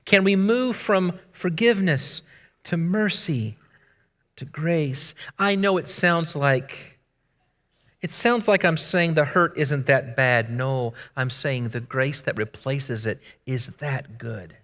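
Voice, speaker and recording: A man gives a sermon in a church sanctuary, his voice pitched high and ringing bright. He tells stories and swings between loud emphasis and near-hushed lines. A long reverb trails his words through the hall. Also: takes it slowly. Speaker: preacher.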